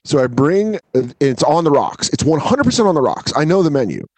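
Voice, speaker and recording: A man's voice: a little high, fairly quick, no echo. A man telling a story on a podcast, swearing freely and acting out the people in it. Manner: profane, animated, acts out the people in his stories. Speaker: podcast co-host, comedian.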